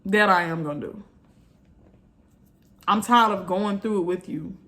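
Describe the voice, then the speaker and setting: A woman's voice: medium pitch, a little slow, a bit bright. A woman vlogger, venting bluntly and repeating herself in an exasperated rant to her viewers.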